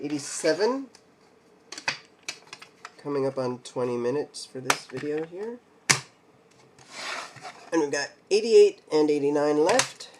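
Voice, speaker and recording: Slow, self-joking man reading out cards. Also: a little high, background noise. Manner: reads names slowly, stumbles and jokes to himself. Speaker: card collecting video host. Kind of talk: casual mail day card showcase.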